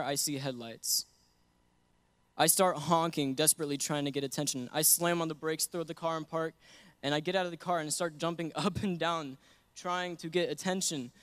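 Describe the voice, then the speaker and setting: An earnest young man preaches in a smooth, resonant voice that sits a little high for a man. He moves between scripture and his own story and laughs easily between points. The sound is dry and close, with no room echo. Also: a bit bright. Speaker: guest preacher. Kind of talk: sermon with personal story.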